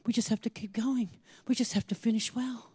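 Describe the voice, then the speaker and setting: A woman with a high voice preaches through a personal story, dropping to near-whispers for solemn points and rising to excited exclamations. Her telling is animated and full of laughter. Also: a little fast, husky.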